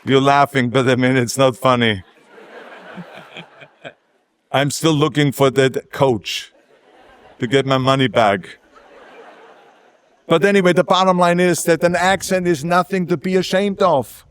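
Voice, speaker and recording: A man's voice: medium pitch, moderate pace, clean tone, some chatter behind. An older man with a German accent, a native German speaker, giving an emphatic ceremonial speech with self-mocking humor. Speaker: guest speaker. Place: outdoor ceremony.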